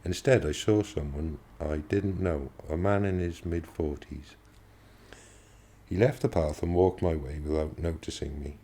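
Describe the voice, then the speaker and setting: Very deep-voiced man reading a novel. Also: breathy edge. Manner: steady, measured reading. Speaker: audiobook reader. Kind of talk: first-person novel narration.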